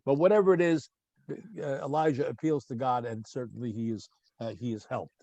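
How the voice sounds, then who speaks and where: A man's voice: mid-range voice, steady tone, fairly quick, dark tone, no room sound, dull audio. A man teaching a Bible study class on a video call. He reads verses aloud in Hebrew, asks his students questions and prompts them to read. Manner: questioning, prompting readers, chatty asides.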